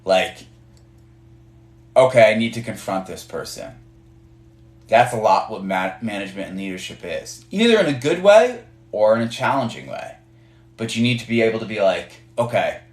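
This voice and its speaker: A man's voice: fairly low pitch, big pitch swings, normal speed, pauses often. Man coaching managers in a roomy live stream. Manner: conversational, many fillers and restarts, acts out dialogue. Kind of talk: casual live-stream teaching. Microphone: phone on a live stream. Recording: roomy echo.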